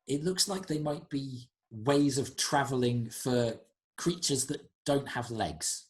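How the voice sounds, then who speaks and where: A man narrating as game master, describing scenes in an unhurried, descriptive way. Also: mid-range voice.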